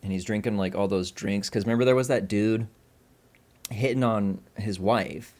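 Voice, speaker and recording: A man co-hosting a casual film podcast, retelling scenes loosely and profanely, slipping into quick quoted voices. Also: fairly low pitch, fairly even intonation, darkish tone. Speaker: podcast co-host. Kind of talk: casual film-review chat.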